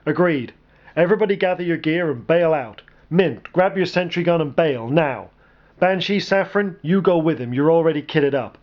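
A man voicing a gruff veteran special forces leader who barks orders at his squad. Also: on the high side, lively intonation, moderate pace, highs cut off, voice pushed up, close to an everyday voice. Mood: commanding. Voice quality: barked orders.

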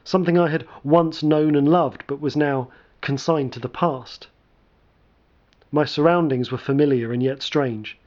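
A man narrating a first-person story in a measured, dramatic way. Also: mid-range voice, darkish tone. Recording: dull lo-fi recording.

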